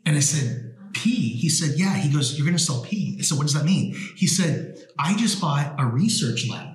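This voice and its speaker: A man's voice: fairly high pitch, normal speed. A man, a guest entrepreneur, telling stories with energy, swearing and acting out the quotes. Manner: animated, swearing, repeats words, acts out quotes. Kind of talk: energetic storytelling conversation. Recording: echoey room.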